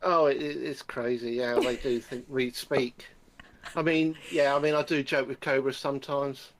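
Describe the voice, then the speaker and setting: A man's voice: mid-range voice, steady tone, moderate pace, a little hiss or hum. A man from London with a London English accent, calling into a live stream with a friendly, laid-back manner. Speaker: viewer caller. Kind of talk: casual stream chat.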